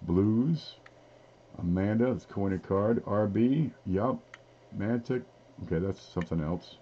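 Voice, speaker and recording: A man's voice: lowish voice, takes it slowly, dull audio, slight background noise. A man hosting a casual live-stream giveaway, talking in a folksy, rambling way as he reads off items one by one. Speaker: livestream giveaway host.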